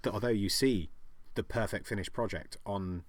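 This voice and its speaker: A man in a casual podcast chat, talking in a relaxed, rambling way and acting out quotes. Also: lowish voice, normal speed, no echo.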